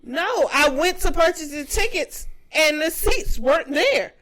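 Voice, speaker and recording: A woman's voice: high voice, measured pace. A woman co-hosting a podcast, telling stories and teasing in casual chat. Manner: lively, teasing storyteller. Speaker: podcast co-host.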